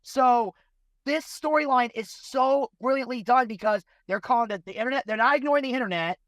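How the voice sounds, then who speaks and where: A man's voice: very high-pitched, brisk, fairly bright tone, no echo. A man co-hosting a podcast, making emphatic points and posing rhetorical questions in casual discussion. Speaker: podcast co-host.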